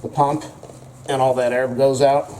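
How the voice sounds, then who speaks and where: Man with a mellow, rambling delivery, casual home review, caught by a distant camera in a roomy space. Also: medium pitch, flat delivery, moderate pace, a little hiss or hum. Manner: rambling, joking, thinks aloud. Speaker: product reviewer. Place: home, corner by the front door.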